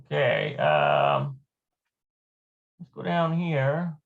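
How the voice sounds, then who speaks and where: A man's voice: medium pitch, wildly swooping pitch, drawn-out words, vocal fry. A man teaching an informal Hebrew lesson, thinking aloud as he explains each point. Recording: dull lo-fi recording.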